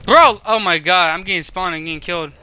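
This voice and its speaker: A young man giving casual gameplay commentary, swearing and yelling at other players, then joking about himself. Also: sits high, steady tone, quick pace, a little hiss or hum. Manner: loud outbursts, swearing, self-mocking jokes. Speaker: gaming streamer.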